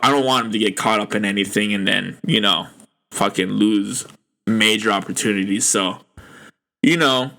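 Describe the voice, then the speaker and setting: A young man hosting a podcast, reacting to news in a casual, excitable way with lots of swearing and slang. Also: medium pitch. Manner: excitable, profane, lots of "dude" and "bro". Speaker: podcast host.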